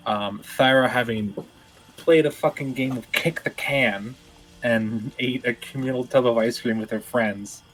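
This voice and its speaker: A man from Canada playing a tabletop game, rambling and halting, with casual swearing. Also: medium pitch, a bit bright, breathy edge, rough recording. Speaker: player.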